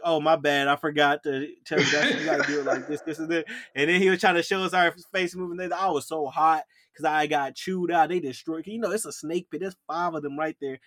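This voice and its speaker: A young man spins stories in a loose, slangy way, acting out the voices of people who yelled at him. His voice sits a little high. The recording is close and dry. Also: dry recording. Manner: animated, acts out yelled quotes, slangy. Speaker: podcast co-host. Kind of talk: casual storytelling chat.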